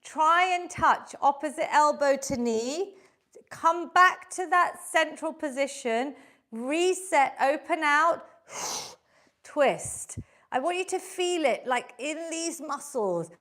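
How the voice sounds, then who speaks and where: A woman fitness instructor leading a live online workout class, encouraging and coaching through the moves while exercising, a little breathy. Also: high voice, lively intonation, takes it slowly, fairly bright tone.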